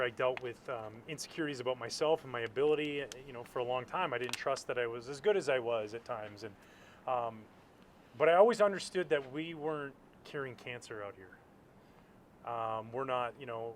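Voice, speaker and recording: A man from Canada speaks as an interview guest, relaxed and reflective, with a middle pitch. His talk is full of fillers. Faint outdoor noise sits behind his voice. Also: a little fast. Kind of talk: casual interview chat. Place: outdoors at a ballpark.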